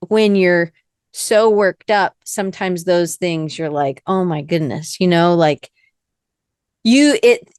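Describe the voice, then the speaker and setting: A Southern American woman hosting a podcast, talking casually in a rambling, lively way that often stops and restarts. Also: on the low side, smooth, no echo, studio quality. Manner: rambling, lively, self-interrupting. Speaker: podcast host. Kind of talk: casual conversation.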